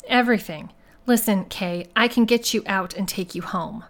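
A woman's voice: medium pitch, normal speed, lightly acted. A woman voicing Joe, a bold, self-assured male investigator, in an audiobook reading. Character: cocky male private investigator, calm and bold.

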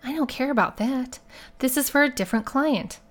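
A woman's voice: high voice, normal speed, voice pushed up, natural voice. A woman voicing Joe, a bold, self-assured male investigator, in an audiobook reading. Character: cocky male private investigator, calm and bold.

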